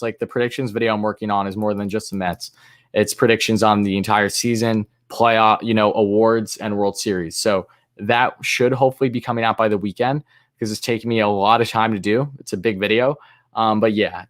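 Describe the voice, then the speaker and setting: A man's voice: lowish voice, fairly even intonation, a little fast. A man hosting a live fan stream, calling plays in an announcer-like way between casual, hesitant answers to chat. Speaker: livestream host and fan commentator.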